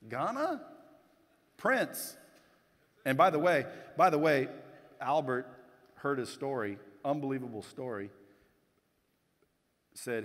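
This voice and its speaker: A man delivering a motivational keynote on a conference stage, talking bluntly and casually with the occasional curse. His voice sits at an ordinary middle pitch. It carries a long, ringing reverb from a large hall. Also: expressive, slow pace, pauses often, a bit bright. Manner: blunt, casual, swears, addresses the crowd directly. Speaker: keynote speaker.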